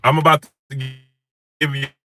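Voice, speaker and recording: A man hosting a live stream, shouting out viewers by name and repeating phrases for emphasis as he rises to heated outrage. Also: mid-range voice, flat delivery, takes it slowly, a little hiss or hum.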